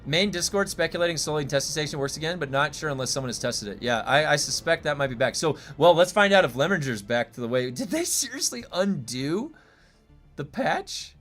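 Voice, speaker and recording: Excitable streamer man, slightly high voice. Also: fairly quick, soft background music. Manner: excitable, thinks aloud, swears when frustrated. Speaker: game streamer. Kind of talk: live gameplay streaming commentary.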